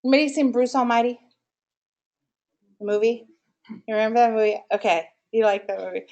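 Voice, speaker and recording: A woman's voice: fairly high pitch, steady tone, brisk, a little mellow, lo-fi sound. A woman giving a live marketing workshop in a room with an audience, quizzing listeners and asking them for answers as she goes. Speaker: marketing presenter.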